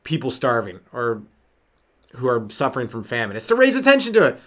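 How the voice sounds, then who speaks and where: Rambling, animated male comedian. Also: mid-range voice, brisk. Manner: rambling, riffing, lots of fillers and sudden voice jumps. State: sleep-deprived. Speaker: stand-up comedian and podcast host. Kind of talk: solo comedy podcast rant.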